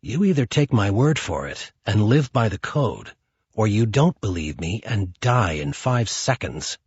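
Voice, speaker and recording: A man voicing a calm, menacing male hitman who speaks low and quietly. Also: unhurried, husky, no echo, dull audio, full character voice. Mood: cold.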